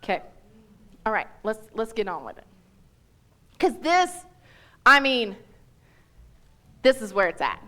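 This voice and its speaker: A woman's voice: a little high, measured pace, pauses often. A woman giving a church Bible teaching as guest speaker, talking emphatically in a chatty way that often breaks off mid-thought. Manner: animated, emphatic, chatty with self-interruptions.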